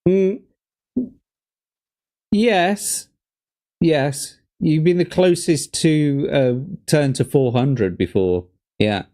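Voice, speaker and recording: A man hosting a gamebook stream, recapping the game in a measured way and gently teasing his guest. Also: on the high side. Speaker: host and game runner. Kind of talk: casual chat on a gamebook stream.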